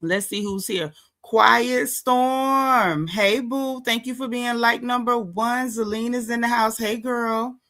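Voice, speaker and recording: A woman hosting a casual live stream, chatty and slangy, shouting out viewers by name. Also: fairly high pitch, slow pace. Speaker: host of a celebrity gossip live stream.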